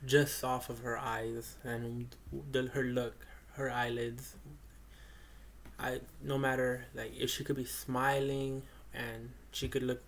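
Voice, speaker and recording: A young man giving a casual spoken reflection, rambling with many fillers and restarts. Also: medium pitch. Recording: faint background noise.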